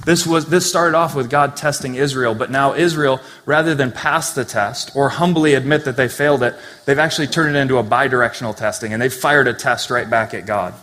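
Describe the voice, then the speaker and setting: A man delivering a sermon with an earnest, conversational manner, breaking off now and then to speak plainly to his listeners. His voice sits at an ordinary middle pitch. The sound carries the long reverb of a large hall. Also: a little fast, hardly any pauses, fairly bright tone. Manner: conversational, earnest preaching with asides. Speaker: pastor. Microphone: handheld or stand mic.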